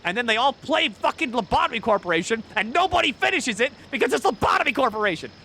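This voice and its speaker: Male streamer, rambling casual chat, bright tone, very lively pitch. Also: fast talker, gravelly, slight background noise. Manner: rambling, excitable, swears freely.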